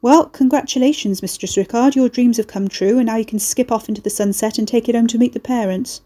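A woman's voice: a little high, fast talker, warm tone, natural voice. A woman voicing a cheeky male neighbour who teases in breezy slang. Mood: mocking. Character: cheeky working-class male neighbour, sly.

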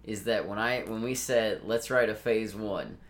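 A man's voice: lowish voice, measured pace. A man co-hosting a podcast in casual chat, teasing and sarcastic with his friend. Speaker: podcast co-host.

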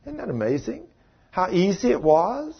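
A man's voice: very animated, moderate pace, gravelly, breathy edge. A man preaching a sermon, telling a story in a folksy way and acting out the voices of the people in it. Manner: folksy storytelling, voices others in high falsetto. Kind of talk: sermon with acted-out dialogue. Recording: dull lo-fi sermon recording.

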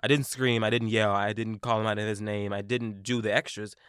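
A young man co-hosting a podcast, telling an animated, profane story in casual chat. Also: fairly low pitch, a little fast, clean tone, dry recording, clean studio sound. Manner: animated, profane, replays his own quotes. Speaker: podcast co-host.

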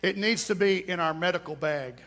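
Guy preaching a sermon, really high voice, repeats himself for emphasis and jokes around. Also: moderate pace, fairly bright tone. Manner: emphatic, repetitive preaching with humor.

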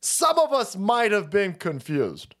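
A man's voice: sits high, wildly swooping pitch, slow pace. Sarcastic, profane male ranting streamer. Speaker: political commentary streamer. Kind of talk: profane political rant.

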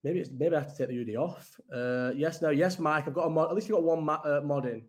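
A man's voice: on the high side, fast. A young man hosting a casual live-chat stream, rambling, swearing and answering viewers' comments as he goes. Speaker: livestream host.

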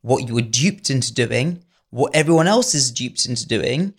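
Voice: mid-range voice, animated, moderate pace, slightly rough. A non-binary pop singer talking earnestly as a podcast guest, full of "like" fillers and confident declarations. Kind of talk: casual interview chat.

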